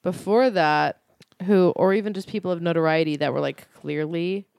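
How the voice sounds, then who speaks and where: A woman with a fairly low voice shares trivia in a casual chat, playful and teasing as she goes. The sound is dry and close, with no room echo. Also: normal speed, gravelly, darkish tone. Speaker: podcast co-host. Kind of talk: casual comedic chat sharing trivia facts.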